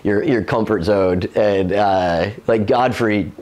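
Brief: male comedian-host, lowish voice, rambling profane storyteller, laughs a lot. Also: takes it slowly, darkish tone, a little hiss or hum. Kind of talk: casual storytelling chat.

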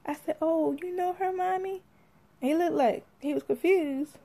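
Young woman, AAVE, high gravelly voice, sassy storyteller acting out quotes. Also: moderate pace. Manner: animated, sassy, acts out quotes. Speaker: mother telling a story. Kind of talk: casual storytelling.

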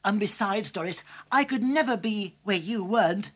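A woman's voice: medium pitch, moderate pace, husky, lightly acted. A woman voicing a cheerful, chatty small male character on a children's story tape, eager and rambling. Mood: excited. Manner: eager, rambling, easily excited.

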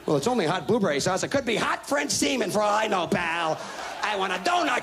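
A man's voice: high voice, very animated, a little fast, slight background noise. Ranting, profane stand-up comic man. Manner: loud, profane, ranting, mocking voices. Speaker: stand-up comedian. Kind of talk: stand-up comedy rant. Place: stage before a live audience. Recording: live stage recording with audience.

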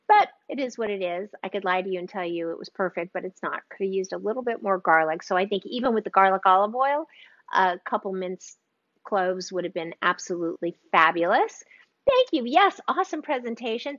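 A woman's voice: mid-range voice, fairly bright tone, dry recording, highs cut off. A woman hosting a live cooking demonstration from her kitchen, gushing and chatting with her viewers. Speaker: cooking show host.

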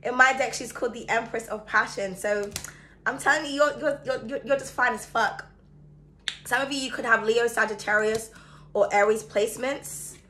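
A woman's voice: a little high, normal speed, sharp tone, a little hiss or hum. A woman from the Caribbean giving a chatty, emphatic tarot reading, speaking straight to the viewer. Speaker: tarot reader.

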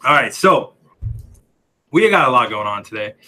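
A man's voice: mid-range voice, very animated, moderate pace, sharp tone. A young man hosting a casual livestream, chatty and laughing often as he reads viewer comments, a little out of breath. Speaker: livestream host.

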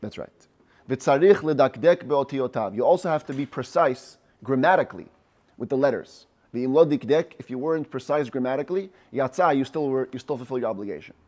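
Rabbi reading Hebrew and explaining. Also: male voice, mid-range voice, lively intonation, darkish tone. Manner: reads Hebrew phrases slowly, then explains them in English. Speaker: rabbi teaching a class. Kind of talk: text study lesson, reading Hebrew and translating.

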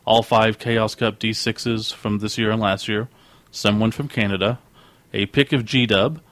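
A man's voice: fairly low pitch, a little slow, no echo. A man co-hosting a casual podcast, telling stories eagerly and acting out what others said. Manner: animated storyteller who acts out quoted voices. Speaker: podcast co-host.

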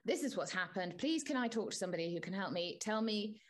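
A woman co-hosting a podcast in casual chat, telling an exasperated story with animated energy. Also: medium pitch, quick pace. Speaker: podcast co-host.

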